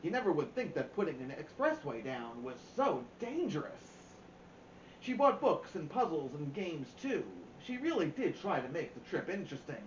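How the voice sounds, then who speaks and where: A man's voice: fairly high pitch, very animated, moderate pace, reverberant, highs cut off, slight background noise. A man reading a novel aloud for a storytime show, giving the characters' quoted lines their own voices. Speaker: storytime reader.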